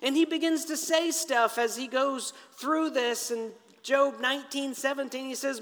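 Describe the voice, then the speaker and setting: High, bright-voiced male preacher in a hall. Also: normal speed, few pauses. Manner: animated and conversational, with asides to the congregation. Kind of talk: sermon.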